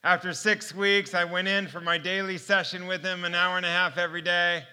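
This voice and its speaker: A man shares a heartfelt personal testimony as a sermon, telling it in an animated storytelling way. His voice is fairly high and very bright. It sounds smooth and clear throughout. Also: fairly quick. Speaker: preacher giving a testimony.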